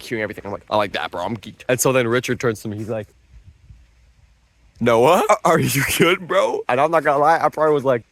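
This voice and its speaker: A young man casually telling a rambling story from his own life, full of slang and excitable asides. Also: mid-range voice, no room sound. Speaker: vlogger.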